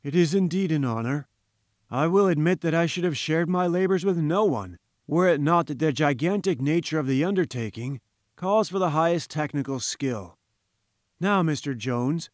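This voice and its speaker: A man's voice: on the high side, no room sound, studio quality, close to an everyday voice. A man voicing a pompous, condescending professor who lectures in grand, patronizing tones, in an audiobook reading. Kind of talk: audiobook character voice.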